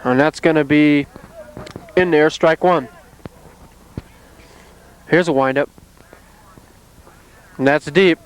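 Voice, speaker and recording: High, clear-voiced softball play-by-play man. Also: takes it slowly, long pauses, poor audio. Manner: calm, steady, plainly descriptive calls. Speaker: play-by-play announcer. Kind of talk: amateur softball play-by-play commentary. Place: outdoors at a softball field.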